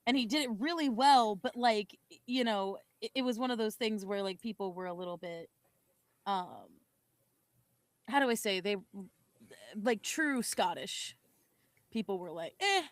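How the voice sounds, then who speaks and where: A woman's voice: medium pitch, expressive, moderate pace, pauses often, no echo. A young woman co-hosting a podcast, chatting casually in a rambling, giggly way and correcting herself often. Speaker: podcast co-host. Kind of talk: casual chat.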